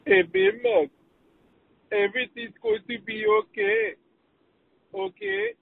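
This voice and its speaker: A man's voice: extremely high pitch, sing-song, slow, gravelly, no room sound, phone-quality sound, heavily acted. A male caller putting on an Indian accent to play a reassuring, soothing man on a voicemail. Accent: Indian, put on. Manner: reassuring, then mocking. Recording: phone voicemail.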